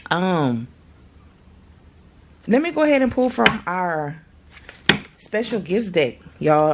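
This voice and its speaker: A woman's voice: medium pitch, heavy background noise. A woman in her thirties doing a casual tarot reading to camera, chatty and slangy, swearing freely and talking straight to her viewers. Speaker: tarot reader.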